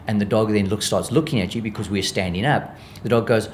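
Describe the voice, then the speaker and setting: A man's voice: fairly low pitch, brisk, slight background noise. A man with a South African accent, an animal behaviourist guest, explaining dog training in an interview and acting out what dogs think. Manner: lively, acts out dog thoughts in voices.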